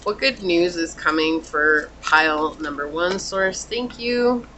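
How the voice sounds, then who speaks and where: A woman giving a pick-a-card tarot reading in a chatty, reassuring and enthusiastic way, murmuring soft questions while she draws cards. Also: on the low side, slow pace, noisy background. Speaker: tarot reader.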